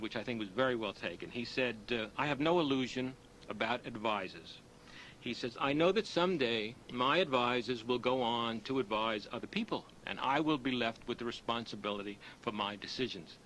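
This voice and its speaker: A man's voice: mid-range voice, lively intonation, a little fast, fairly bright tone, slight background noise, poor audio. A man giving a lecture full of anecdotes, who tells his stories and raises his voice for the punchlines. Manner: storytelling, acts out punchlines with raised voice. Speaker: author giving a talk.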